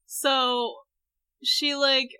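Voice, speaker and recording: A woman's voice: sits high, level tone, drawn-out words, pushed and bright, clear, resonant tone. A woman co-hosting a casual chat, animatedly retelling a show and acting out the characters' lines. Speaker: podcast co-host recapping a show.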